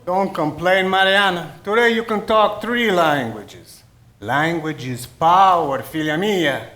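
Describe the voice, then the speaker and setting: A man's voice: high-pitched, expressive, slow pace, sharp tone, reverberant, full character voice. A man playing a teasing, stubborn Italian immigrant father with an Italian accent, in stage play acting. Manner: teasing, exclaiming with Italian phrases.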